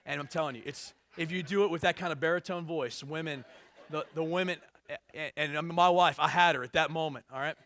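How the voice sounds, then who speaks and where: High-voiced animated male pastor. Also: brisk. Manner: animated and joking, reads scripture with rising emphasis. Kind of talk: sermon.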